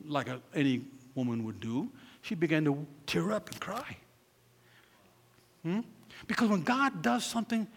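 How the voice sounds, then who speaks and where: A gravelly, slightly high-voiced middle-aged man preaches from the pulpit, telling a story and voicing every person in it. He swings from booming peaks down to near-hushed asides. His voice rings with a long hall reverb. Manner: storytelling, acts out quotes, swings from loud to hushed. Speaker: pastor.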